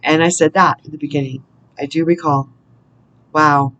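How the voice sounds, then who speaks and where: A woman's voice: deep voice, fairly even intonation, a bit bright, poor audio. Earnest woman reading a spiritual message. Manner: earnest, pauses to correct herself and exclaim. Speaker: spiritual counselor and card reader.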